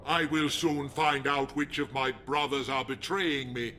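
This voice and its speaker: A man voicing a megalomaniac male leader of a druid order in a video game, talking in a slow, menacing, pompous way. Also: medium pitch, steady tone, pushed and bright, a little hiss or hum. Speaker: game villain.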